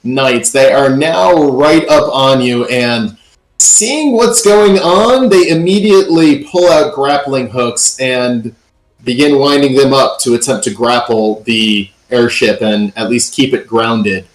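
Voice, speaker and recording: A man running a tabletop game as dungeon master, narrating events in a relaxed storytelling way. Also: medium pitch, slow, echoey room, rough recording.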